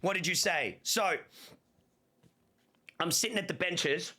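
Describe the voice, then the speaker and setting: A man's voice: high-pitched, slow pace. A man, chatting casually and telling rambling stories on a livestream with lots of slang. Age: 30s. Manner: rambling, animated storytelling with playful slang. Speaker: streamer.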